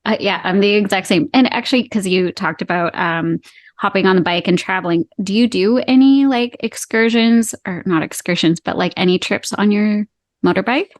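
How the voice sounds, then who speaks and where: A woman's voice: mid-range voice, moderate pace, no room sound. A woman in her thirties from Canada hosting a casual podcast interview, chatty and encouraging, laughing easily. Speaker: podcast host.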